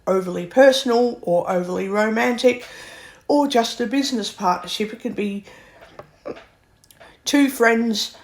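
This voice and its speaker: A woman's voice: on the high side, a little slow, long pauses. Blunt, exasperated woman ranting. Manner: blunt, exasperated, swears freely; repetitive, circles back over points. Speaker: vlogger. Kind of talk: ranting monologue.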